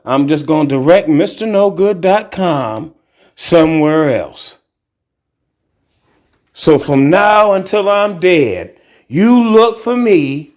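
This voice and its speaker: A middle-aged man from Ohio hosting a podcast, ranting bluntly and profanely as he walks around his apartment. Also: on the high side. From Akron, Ohio. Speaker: podcast host. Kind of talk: casual monologue vlog. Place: carpeted apartment living room, walking into tiled kitchen.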